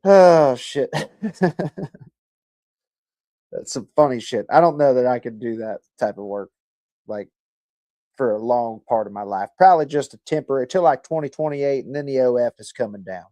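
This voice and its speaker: The man hosting this livestream has a warm, medium-pitched voice, speaks at a moderate pace and pauses often, with no echo. He's laid-back and rambling, chatting casually, reading out viewer comments, and joking and swearing a lot.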